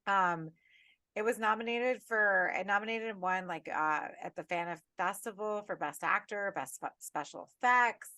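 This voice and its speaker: Profane, animated woman podcast co-host. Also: medium pitch, moderate pace, no echo. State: tipsy and tired. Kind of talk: casual podcast chat.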